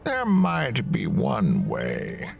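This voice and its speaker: A man voicing a wise old female prisoner with a slow, musing manner. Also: on the low side, wildly swooping pitch, vocal fry, faint music behind, pitched above the performer's own voice, heavily acted. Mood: scheming. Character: wise old woman, a fellow prisoner who knows monsters.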